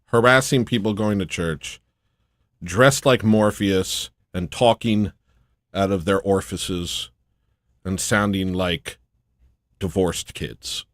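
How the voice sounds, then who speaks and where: A man's voice: deep voice, slow pace, pauses often, no room sound, clean studio sound. A man hosting a casual livestream, ranting and mocking in a brash, loose way. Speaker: livestream host.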